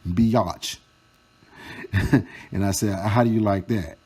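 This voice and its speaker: Low, dark-voiced man, mocking vlogger. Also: fairly even intonation, slightly rough. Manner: slow, mocking and profane. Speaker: storytime vlogger. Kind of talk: reading out and commenting on chat screenshots.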